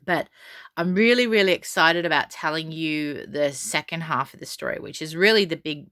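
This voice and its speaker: A woman's voice: deep voice, normal speed, a bit bright, dry recording, studio quality. A middle-aged woman telling a story for her vlog in a chatty, rambling way, full of restarts and fillers, and defiant about what others think. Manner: defiant, unbothered. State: frog in her throat. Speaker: vlogger.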